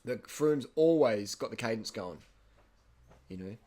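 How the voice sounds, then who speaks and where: An Australian man casually commenting over race footage, blunt and excitable, swearing and repeating himself. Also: lowish voice, measured pace. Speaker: cycling video host.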